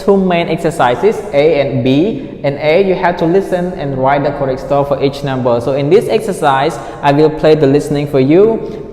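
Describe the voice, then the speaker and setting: A male English teacher with a fairly high, warm voice runs a listening lesson. He repeats words to drill pronunciation and checks in with the class by asking "right?" after each point. The room is echoey, with long reverb.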